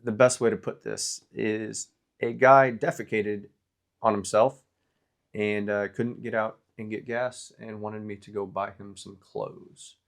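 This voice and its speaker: Low-voiced man, easygoing podcast storyteller. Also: fairly even intonation, vocal fry. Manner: easygoing, halting with frequent "um". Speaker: podcast co-host. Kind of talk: casual storytelling chat.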